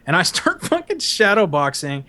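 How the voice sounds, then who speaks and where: A man's voice: sits high, wildly swooping pitch, normal speed, sharp tone. A young man hosting a podcast, telling a long rambling story in casual talk, swearing a lot and often laughing. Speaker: podcast host.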